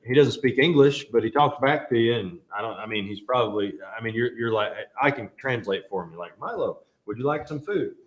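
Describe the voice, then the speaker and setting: A man teaching a Bible class in a casual, joking way, telling animated stories. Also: medium pitch, brisk, few pauses, echoey room.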